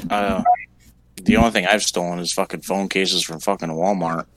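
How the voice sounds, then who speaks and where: A man with a low voice tells a grievance bluntly and swears a lot. The sound is dry and close, with no room around it. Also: fairly even intonation, moderate pace, a bit bright, dry recording, low-quality recording. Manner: blunt, aggrieved storytelling with frequent swearing. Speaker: streamer. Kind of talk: casual chat.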